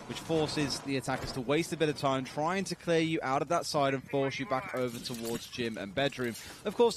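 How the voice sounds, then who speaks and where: A man giving measured, analytical color commentary on an esports match, explaining tactics at length. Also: a little high, background noise.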